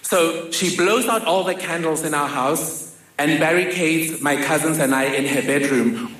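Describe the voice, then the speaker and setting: A woman's voice: sits low, measured pace, fairly bright tone. A woman from Africa, telling a personal story on stage with wry, dry humor. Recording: roomy hall with faint noise.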